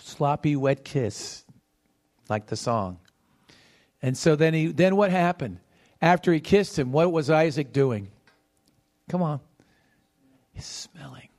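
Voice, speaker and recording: A man's voice: fairly high pitch, measured pace, pauses often. A man preaching a sermon, teaching verse by verse and acting out the voices in the story while quizzing the congregation. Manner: animated, calls to the congregation with questions.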